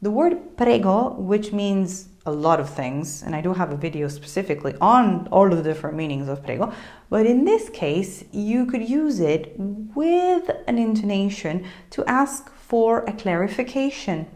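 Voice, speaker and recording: Woman teaching a lively language lesson. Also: mid-range voice, moderate pace. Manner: clear, explanatory, models Italian phrases with lively intonation. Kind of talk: friendly online language lesson.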